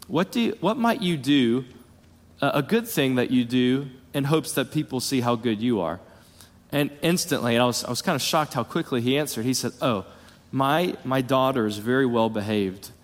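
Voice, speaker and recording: A man's voice: mid-range voice, fairly bright tone. Earnest male pastor preaching in a hall. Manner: earnest, repeats words and restarts, rising emphasis on key points. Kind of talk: sermon. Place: church sanctuary.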